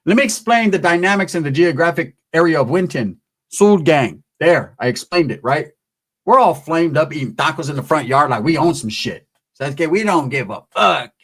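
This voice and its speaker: Animated, foul-mouthed storytelling man. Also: fairly high pitch, normal speed, slightly rough. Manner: animated, profane, acts out every character. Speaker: comedian. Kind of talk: comedic storytelling.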